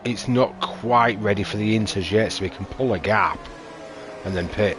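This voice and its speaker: A man commentating a sim racing league race, calling tyre strategy in a steady, analytical way. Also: lowish voice, normal speed, slight background noise.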